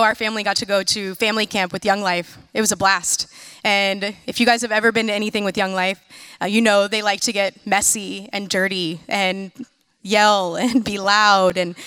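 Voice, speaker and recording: A woman in her thirties from the United States giving a sermon-style talk, telling lively, self-mocking personal stories with quick asides. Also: medium pitch, clear, resonant tone, no echo. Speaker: speaker.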